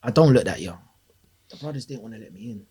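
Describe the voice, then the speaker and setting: A man's voice: medium pitch, quick pace, husky. Guy in his 30s, slangy storytelling, acts out what people said. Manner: animated, slangy, acts out dialogue. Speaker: interview guest. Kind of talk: casual storytelling.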